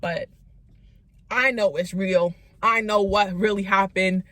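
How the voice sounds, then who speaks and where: A woman telling a story to her channel's viewers in a casual storytime vlog. She is animated, says "like" a lot and acts out what people said. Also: medium pitch, slow, no room sound. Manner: animated, lots of "like", acts out quotes.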